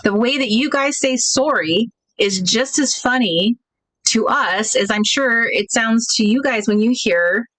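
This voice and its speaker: A woman's voice: fairly high pitch, a little slow, dry recording, low-quality recording. Chatty woman host, dry sound. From United States. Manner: chatty, thinks out loud, reads viewer comments. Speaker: craft livestream host. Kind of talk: casual livestream chat.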